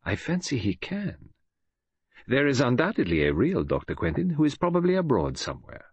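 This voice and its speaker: A man reading as Poirot, fussy and softly lecturing. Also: medium pitch, breathy edge, no room sound, heavily acted. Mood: quietly certain. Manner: lecturing, quietly confident. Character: precise, fussy older male detective. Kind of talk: audiobook character reading.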